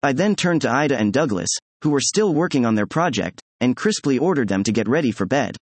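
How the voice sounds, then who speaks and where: A man reads a first-person story in a measured, even way. His voice is a little husky, and the dry, close sound leaves no room echo. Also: medium pitch. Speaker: audiobook narrator.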